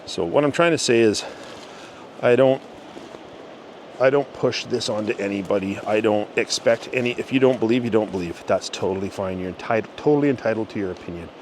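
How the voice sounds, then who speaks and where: A middle-aged man with a slightly low voice rambles to his viewers in an easygoing, halting way, often restarting his sentences. He is recorded outdoors on a forest trail, with steady background noise clearly underneath him. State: out of breath. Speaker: channel host. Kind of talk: casual rambling talk to camera. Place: outdoors in a forest by a river, walking uphill.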